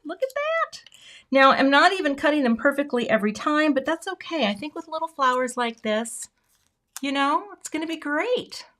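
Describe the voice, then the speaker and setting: A woman's voice: sits high, sing-song, normal speed, fairly bright tone. An American woman hosting a live card-making stream, chatting casually and greeting viewers by name as she works. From United States. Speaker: card-making livestream host. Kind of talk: casual live crafting chat.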